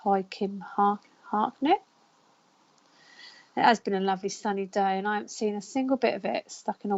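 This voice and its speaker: A woman's voice: medium pitch, gravelly, lo-fi sound. A woman hosting a live psychic counselling stream, chatting and greeting her viewers by name. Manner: chatty, warm greetings, reads out viewer names.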